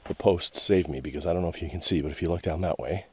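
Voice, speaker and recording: Very deep-voiced man grumbling on a hike. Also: quick pace, husky. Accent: Canadian English. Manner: grumbling, wry, talks to the camera. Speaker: hiking vlogger. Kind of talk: casual narration while hiking. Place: wooded trail outdoors. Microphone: action camera.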